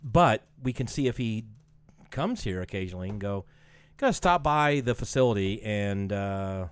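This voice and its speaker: A man's voice: lowish voice, animated, normal speed, smooth, no echo. A man co-hosting a podcast in casual chat, joking and riffing on bits. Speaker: podcast co-host. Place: podcast studio.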